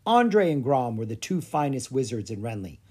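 An audiobook narrator giving an expressive storybook reading. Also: medium pitch, normal speed, husky.

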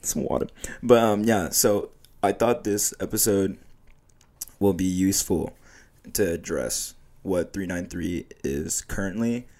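Deep-voiced laid-back male podcast host. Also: measured pace, darkish tone. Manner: laid-back, laughing, slangy. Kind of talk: casual chat.

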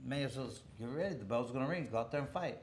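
A man's voice: mid-range voice, expressive, quick pace, slight background noise. A middle-aged man telling a boxing story in a casual interview, rambling with many restarts and chuckling along the way. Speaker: former boxer telling a story.

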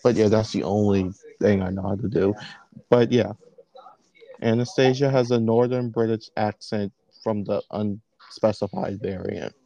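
A man narrating and chatting casually during a fan role-play, rambling and halting. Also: on the low side, steady tone, creaky, warm tone, lo-fi sound. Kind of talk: casual chat.

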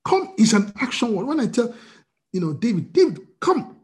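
A man's voice: high-pitched, big pitch swings, a little fast, darkish tone. A man preaching a sermon as pastor, asking the congregation rhetorical questions.

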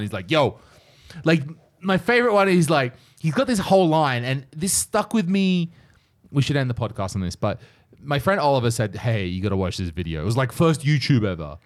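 A man co-hosting a podcast in rambling, jokey, casual chat with some swearing. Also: medium pitch. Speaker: podcast co-host.

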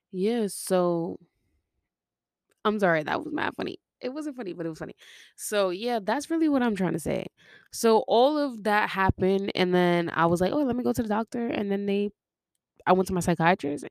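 Rambling, low-voiced woman podcaster. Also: darkish tone, dry recording, clean studio sound. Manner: rambling, jumps between tangents, laughs often. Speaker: podcast host. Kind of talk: casual confessional monologue.

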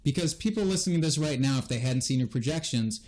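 A man's voice: mid-range voice, lively intonation, fast, a little mellow. A young man hosting a casual podcast, teasing his co-host and laughing often as he asks questions.

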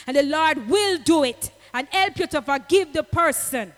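A woman preaching a sermon, dropping into patois and rising to shouts. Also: high-pitched, moderate pace, hardly any pauses, big-room sound. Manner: impassioned, slips into patois, rises to shouts.

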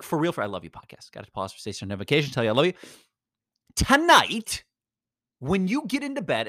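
A man hosting a podcast, giving an energetic, rambling motivational talk full of slang. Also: mid-range voice, no echo, studio quality. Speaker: podcast host. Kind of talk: casual motivational monologue.

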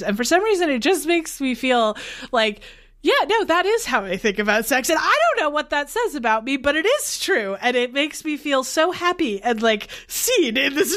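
Woman on a movie podcast, higher voice that bounces around a lot, super candid. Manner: candid, confessional, animated. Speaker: podcast co-host. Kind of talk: casual film discussion.

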